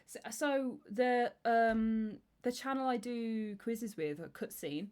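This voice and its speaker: A woman's voice: on the high side, takes it slowly, darkish tone. A woman in her thirties, streaming and chatting casually with a rambling, self-deprecating manner full of restarts. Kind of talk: casual chat.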